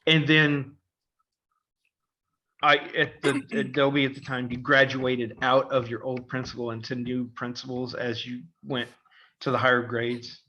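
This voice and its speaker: A man's voice: mid-range voice, a little slow, long pauses, lo-fi sound. A middle-aged man, a podcast co-host, telling a story in casual chat and acting out the voices of the people in it. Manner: animated, acts out quoted voices, laughs often.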